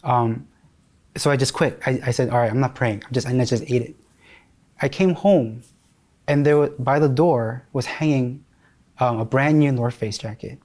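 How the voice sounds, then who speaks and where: A man's voice: medium pitch, normal speed, pauses often, darkish tone. A man in his thirties from New York, candidly and emotionally telling his life story in an interview, often restarting his sentences.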